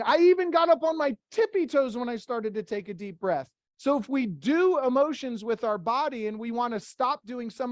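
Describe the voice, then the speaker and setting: A blunt workshop leader speaks at a middle pitch, close and dry with little room sound. The leader keeps firing rhetorical questions at the group in a motivational talk, with casual swearing. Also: dry recording.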